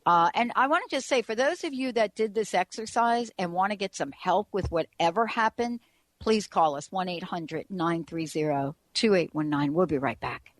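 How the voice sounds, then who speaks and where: A woman's voice: fairly low pitch, moderate pace. A woman hosting a talk radio show, chatting casually and rambling with frequent restarts.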